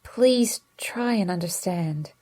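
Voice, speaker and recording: A woman reading an audiobook, voicing a tired young boyfriend who speaks softly and apologetically in a hushed, low voice. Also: moderate pace, lightly acted. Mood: tired, apologetic.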